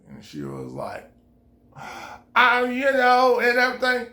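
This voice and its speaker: A man's voice: very high voice, moderate pace. A man. He acts out both sides of the conversation with big swings of energy, swearing freely and laughing as he goes. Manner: animated, re-enacts dialogue, swears freely, laughs while telling. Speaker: storyteller. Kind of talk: casual storytelling to camera.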